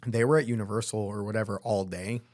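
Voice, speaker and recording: A man's voice: lowish voice, fairly even intonation, fast, a little mellow, dry recording, clean studio sound. A young man telling tour stories in a casual podcast chat, laid-back and slangy, with lots of "bro" and "like.". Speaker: guest vocalist.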